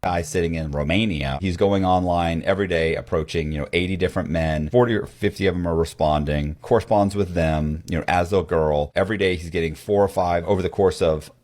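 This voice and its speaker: Very deep-voiced man explaining plainly. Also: fairly even intonation, a little fast, few pauses, darkish tone. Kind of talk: casual explanation.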